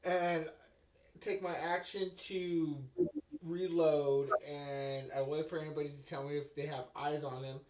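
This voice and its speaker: A man playing a tabletop game with friends, loud and laughing, shouting out his character's lines. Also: fairly high pitch, level tone, unhurried, echoey room, distant mic. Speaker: player. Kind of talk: casual tabletop game play.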